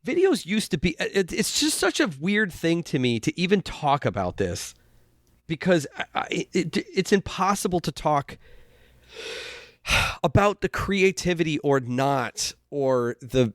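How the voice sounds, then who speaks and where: Man, podcast host, casual chat, halting restarts, sighs, dry sound. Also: fairly high pitch, sing-song, dry recording.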